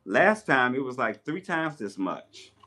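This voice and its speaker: A man's voice: mid-range voice, unhurried, soft background music. Chatty man livestreaming while doing his hair. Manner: chatty, animated storyteller with playful voices in quotes. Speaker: live streamer. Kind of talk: casual livestream chat. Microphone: tablet mic.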